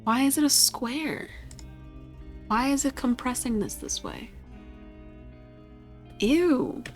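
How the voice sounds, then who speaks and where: A woman with a higher-pitched voice talks to herself at her computer while she plays, exasperated and swearing as things go wrong. Faint game music sits behind her. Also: sing-song, slow pace. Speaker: gaming streamer. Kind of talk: casual chat while playing a computer game.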